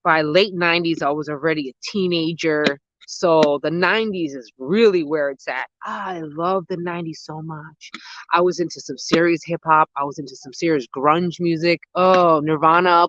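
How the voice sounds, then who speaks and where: A gardening host in their thirties rambles through a casual live stream, excitable and full of slang. The voice sits close and dry against the mic. The phone audio comes through dull and muffled. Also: mid-range voice, moderate pace, no echo. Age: 30s. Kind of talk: casual live-stream chat answering viewers. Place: outdoors at dusk.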